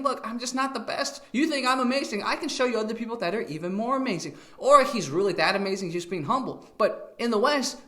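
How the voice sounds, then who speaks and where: A man giving excitable, animated reaction commentary on a video clip. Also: sits high.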